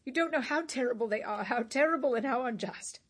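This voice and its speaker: A woman's voice: a little high, brisk, lightly acted. An actress playing a worldly woman with a shameful past, pleading urgently and with passion in a stage drama.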